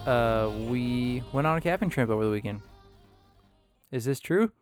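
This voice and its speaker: A man's voice: medium pitch, animated, moderate pace, over music. A man hosting a casual podcast chat, telling stories with lots of laughter and loose, rambling asides. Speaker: podcast host.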